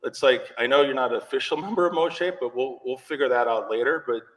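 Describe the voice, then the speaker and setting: A man hosting a conference, introducing the keynote speaker in an excited, joking and nervous way. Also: medium pitch, fast talker. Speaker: conference host. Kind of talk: event introduction. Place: large conference hall. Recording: long hall reverb.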